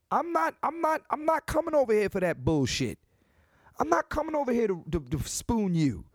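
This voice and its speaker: Brash animated man podcasting. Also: very high voice, no room sound, studio quality. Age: 30s. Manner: brash, animated, repetitive restarts. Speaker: podcast host. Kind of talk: comedic solo podcast monologue.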